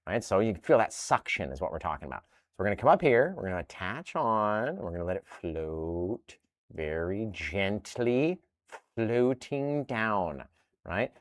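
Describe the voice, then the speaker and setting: Lively, low-voiced male painting teacher. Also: measured pace, no echo. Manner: upbeat, animated, tags lines with "right?". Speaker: painting instructor. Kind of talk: live painting tutorial.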